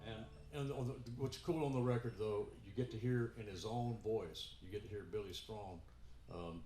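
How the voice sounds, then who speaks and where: In an echoey store room with a guitar, a musician performing in-store chats between songs in a mellow voice on the low side. He goes at a moderate pace, rambling and restarting with lots of fillers.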